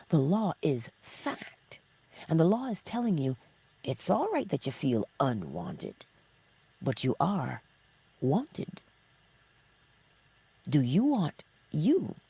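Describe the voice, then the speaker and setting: A woman hosting a motivational spiritual talk, asking rhetorical questions and answering them herself, sometimes dropping to a hushed whisper. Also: on the low side, creaky, husky. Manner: drops into hushed, whispered emphasis. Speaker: host of a morning inspiration livestream.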